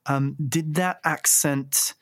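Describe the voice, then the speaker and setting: A man's voice: a little high, fairly even intonation, takes it slowly, fairly bright tone, no echo, clean studio sound. A man hosting a podcast interview in a friendly way, laughing often and searching for words. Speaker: podcast host. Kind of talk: casual interview chat.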